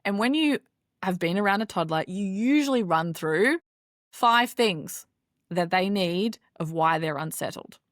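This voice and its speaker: A woman's voice: medium pitch, expressive, a little slow, dry recording, clean studio sound. A woman, a doctor hosting her own podcast and explaining things conversationally. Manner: conversational, explanatory, with scripted intro. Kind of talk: solo podcast monologue.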